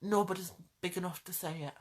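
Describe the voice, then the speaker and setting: A woman's voice: lowish voice, fairly even intonation, fairly quick. A woman vlogger delivering a heartfelt rant straight to her viewers, pleading and repeating lines for emphasis. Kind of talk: impassioned direct-to-camera rant.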